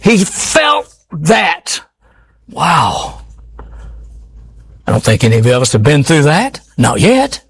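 A man's voice: mid-range voice, wildly swooping pitch, takes it slowly, pauses often, breathy edge. A man preaching a sermon in an earnest, pleading way, often repeating his words.

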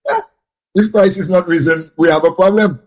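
A man with a slightly high, husky voice talks through a scripture point in a Bible study discussion. He stumbles, repeats words and circles back as he searches for the right phrasing. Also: moderate pace, darkish tone.

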